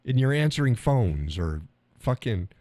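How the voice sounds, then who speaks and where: A man's voice: mid-range voice, sing-song, measured pace, mellow, no echo. A middle-aged man hosting a live stream, talking casually in a blunt, profane way and laughing often. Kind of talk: casual opinionated monologue.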